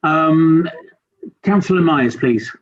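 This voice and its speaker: A man's voice: on the high side, expressive, slow. A man chairing a council meeting over a video call, polite and procedural as he calls on speakers. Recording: dull lo-fi call audio.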